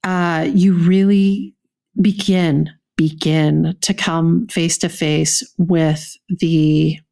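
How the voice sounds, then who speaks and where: A woman's voice: sits low, fairly even intonation, drawn-out words, gravelly, warm tone. A woman co-hosting a podcast, talking in an earnest, reflective way and often restarting her sentences. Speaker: podcast co-host. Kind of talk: casual podcast conversation.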